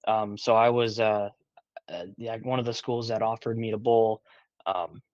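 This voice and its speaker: A man's voice: fairly low pitch, level tone, normal speed, a little mellow, dry recording. A man in his twenties, a guest in a casual interview chat, talking hesitantly with lots of fillers and restarts. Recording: dull dry sound.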